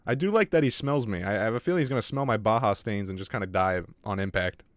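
Talking fast in a lowish voice, a gaming streamer provides live commentary while playing a horror game, jittery and swearing a lot at his chat. There's no echo on the audio.

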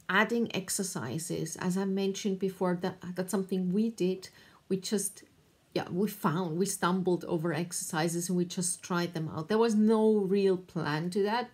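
A woman giving thoughtful, encouraging advice to camera, pausing often with fillers. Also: mid-range voice. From Austria. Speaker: artist and video creator.

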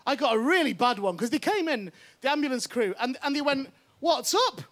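A male comic does a stand-up set on a TV studio stage. His voice sits high and swoops a lot as he tells his story. He keeps checking in with the crowd. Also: fast talker. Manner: animated, self-mocking storytelling with frequent "right?". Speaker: stand-up comedian. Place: TV studio stage before an audience.

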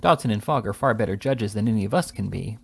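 A man's voice: lowish voice, quick pace, gravelly, husky. A man voicing a jovial older country squire who banters heartily.

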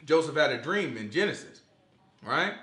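A man's voice: a little high, animated, moderate pace, fairly bright tone, roomy sound, a little hiss or hum. A man leading an informal Bible study, quizzing his listeners and joking as he teaches.

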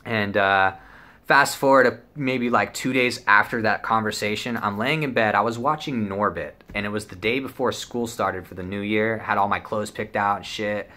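A man's voice: lowish voice, moderate pace. A young man telling a story casually, rambling and swearing as he acts out what people said. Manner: profane, rambling, animated storytelling with acted-out quotes. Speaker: vlogger.

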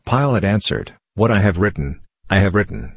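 Man, very low voice, dry close sound, steady measured scripture reading. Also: no room sound. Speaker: scripture reader.

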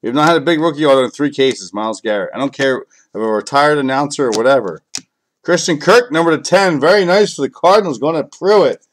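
A man's voice: a little high, animated, fast talker. Male card break host; frustrated, profane, mutters card names between complaints. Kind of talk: live card break commentary.

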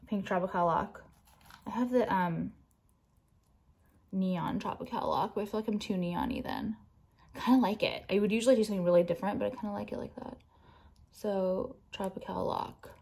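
A young woman talks straight to her viewers in a loose, unscripted vlog. She swears freely, rants bluntly and fills pauses with "um" and "like", and her pitch sits in an ordinary middle range. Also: vocal fry, a little mellow. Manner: profane, blunt, ranting with frequent fillers. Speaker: jewelry designer and vlogger. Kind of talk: casual ranting vlog.

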